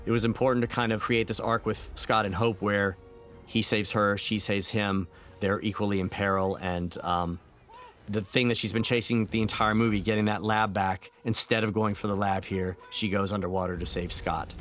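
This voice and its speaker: A man, a film director, talking through his movie in a relaxed, reflective audio commentary, with many fillers and restarts. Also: fairly low pitch, normal speed. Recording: faint film soundtrack music underneath.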